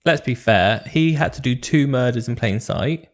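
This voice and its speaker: A man's voice: medium pitch, moderate pace. Brief: male co-host, dry and teasing, casual talk. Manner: teasing, wry jokes. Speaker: podcast co-host. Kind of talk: casual chat.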